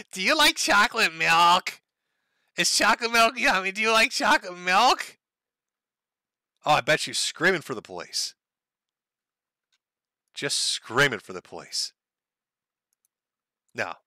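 A man's voice: medium pitch, bright, forceful tone, dry recording. A man hosting a show, giving crude, sarcastic commentary on online posts. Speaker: show host.

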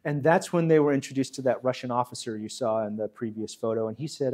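A man's voice: medium pitch, fast, hardly any pauses, a little mellow. A man giving a chatty history talk as guest speaker, repeating himself and acting out quotes. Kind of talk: history lecture.

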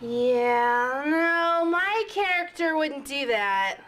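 A very high, swooping voice from a woman playing a clingy, overdramatic actress. She drawls slowly and milks every line. Everything comes out theatrical and gushing. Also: lively intonation, fairly bright tone, a little hiss or hum, exaggerated voice. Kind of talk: indie comedy drama acting.

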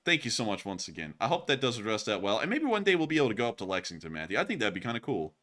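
A man's voice: fairly low pitch, sing-song, rapid-fire, fairly bright tone. A man hosting a show, chatting casually and joking, laughing often and stumbling over his words. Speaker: news show host. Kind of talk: casual banter on a live show.

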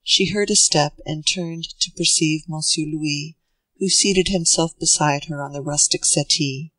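A narrator reading a classic novel aloud in a measured, even way. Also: medium pitch, dry recording, rough recording. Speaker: audiobook narrator. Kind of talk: scripted narration.

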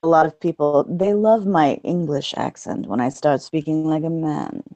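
A woman audiobook narrator with a low register, chatting as an interview guest and laughing often. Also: animated, moderate pace, warm tone, dry recording. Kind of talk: casual interview chat.

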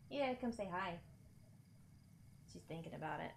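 A woman's voice: medium pitch, animated, a little fast, pauses often, over music. A woman streamer chatting casually with viewers while she plays, laughing often and cooing at her pet. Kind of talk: casual live-stream chat.

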